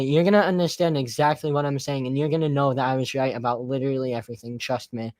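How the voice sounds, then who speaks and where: A young man arguing as a guest in a heated debate, dismissive and taunting, with curt, flat replies. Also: mid-range voice, fast talker, hardly any pauses, dry recording.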